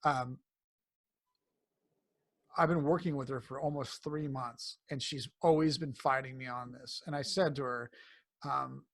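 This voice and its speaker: Gravelly man coaching in rambling talk. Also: mid-range voice, steady tone, a little slow, long pauses, a bit bright, no echo. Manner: rambling, many fillers and restarts; grows emphatic and enthusiastic when praising. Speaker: cancer coach. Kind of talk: conversational interview.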